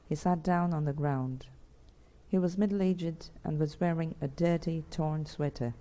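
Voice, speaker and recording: Dark, low-voiced woman narrating a story. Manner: measured first-person storytelling. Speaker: audiobook narrator. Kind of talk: scripted narration.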